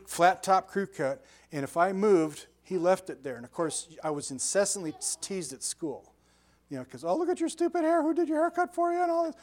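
Older male pastor, chatty animated sermon, voice sits a bit high. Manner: animated storytelling with sound effects and asides.

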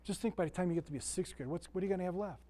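A man's voice: high-pitched, rapid-fire, mellow. A man giving a casual, folksy Bible lesson, often asking his listeners questions and telling stories. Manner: folksy, chatty, asks the room questions. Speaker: Sunday school teacher.

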